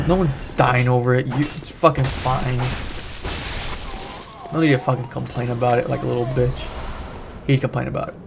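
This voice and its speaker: A man's voice: medium pitch, vocal fry. A young man hosting a gaming channel, telling a long, profane, rambling story in casual commentary while he plays at home. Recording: noisy background.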